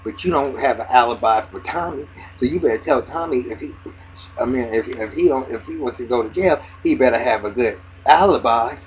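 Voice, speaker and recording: A TV recap reviewer speaks briskly in a mid-range voice, giving a casual, profane rundown of an episode. Excitable and cursing heavily, he acts out the characters' lines and restarts often, over dull lo-fi audio with faint hiss.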